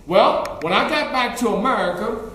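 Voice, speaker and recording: A man's voice: high-pitched, expressive, normal speed, a bit bright, slight background noise. A man performing a historical figure in first person, telling his life story in a folksy way and quizzing the audience. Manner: folksy, asks the audience questions. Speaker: historical reenactor. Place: library event room. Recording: very echoey room, faint ambience.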